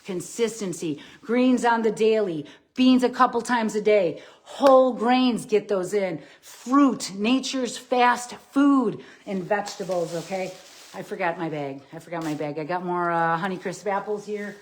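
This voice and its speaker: Energetic woman showing off a grocery haul. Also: medium pitch, measured pace. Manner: energetic, punchy catchphrases, repeats "okay?". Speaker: plant-based lifestyle coach. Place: home with groceries.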